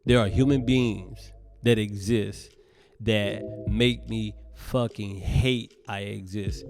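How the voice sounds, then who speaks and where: A man from the United States, a comedian hosting a solo podcast, talking in a profane, emphatic rant that swings between loud bursts and hushed asides. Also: on the low side.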